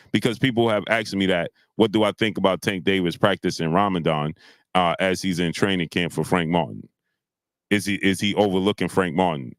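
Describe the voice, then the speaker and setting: A man hosting a boxing live stream, ranting heatedly with many filler sounds and shouting out chat viewers. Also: low-pitched, dry recording. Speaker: boxing commentary host.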